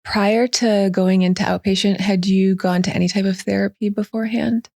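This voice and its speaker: A woman hosting a recovery podcast, attentive and quick with short affirmations as she asks questions. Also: mid-range voice, fairly even intonation, gravelly, darkish tone, no room sound, clean studio sound. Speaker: podcast host. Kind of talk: interview conversation.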